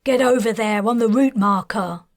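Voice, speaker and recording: A woman's voice: fairly high pitch, measured pace, no room sound, clean studio sound, lightly acted. A woman voicing a stern male soldier officer who barks curt orders in an audiobook. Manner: curt and commanding.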